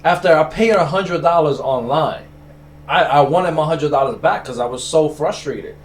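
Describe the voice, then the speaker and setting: A man's voice: on the high side, moderate pace. A man from the Bronx, a barber chatting casually and telling a rambling, frustrated story full of restarts. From the Bronx, New York. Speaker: barber, stream host.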